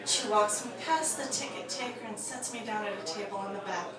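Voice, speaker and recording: A woman telling a personal story live on stage, swinging between loud rants and hushed confession. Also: mid-range voice, brisk, a crowd in the background. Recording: echoey hall from far off with audience. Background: audience laughter.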